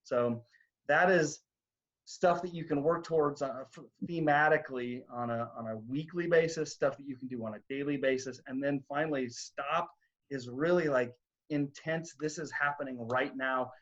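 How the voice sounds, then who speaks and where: A man's voice: medium pitch, normal speed, a bit bright. A man on a video-call panel, explaining practical steps in an instructive way. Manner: instructive, walks through steps one by one. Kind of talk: panel webinar advice. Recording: dull lo-fi video-call audio.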